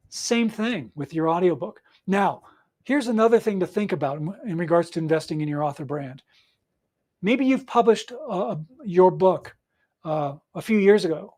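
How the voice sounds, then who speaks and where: Encouraging male podcast host, coaching tone. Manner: encouraging, repeats points with frequent "right?" and "all right?"; acts out nervous clients in a higher, louder voice. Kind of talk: motivational solo podcast talk.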